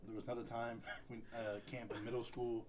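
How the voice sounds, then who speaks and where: A man's voice: mid-range voice, little pitch movement, a little fast, noisy background. A young adult man co-hosting a podcast, telling rambling stories with lots of fillers and frequent laughter. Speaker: podcast co-host. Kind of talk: casual chat.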